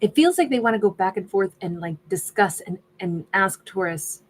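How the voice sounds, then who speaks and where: A woman's voice: medium pitch, lively intonation, moderate pace, slight background noise. A woman doing a casual tarot reading who thinks aloud and is losing her voice. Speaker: tarot reader.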